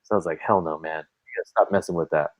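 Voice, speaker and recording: A man in his thirties, a podcast co-host chatting casually, who tells animated stories and acts out the voices in his quotes. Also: rumbling low, rapid-fire, a little hiss or hum. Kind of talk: casual chat.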